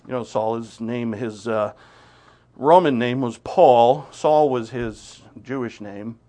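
A male pastor delivers a sermon from the pulpit in a church. His voice sits in a middle pitch, and he breaks up the teaching with playful asides to the congregation and lively emphasis. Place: church sanctuary.

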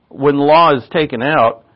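An older man, a pastor, preaching a loose, conversational sermon full of asides and restarts. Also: fairly high pitch. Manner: casual, rambling, with asides and restarts. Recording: dull lo-fi recording.

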